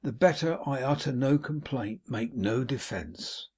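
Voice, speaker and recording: Man doing a husky, smug, pious older hypocrite, sweetly reproachful, audiobook reading. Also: medium pitch, a little slow, darkish tone. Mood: mild reproach. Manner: sweetly self-righteous, wounded. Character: smug sanctimonious older gentleman, falsely pious.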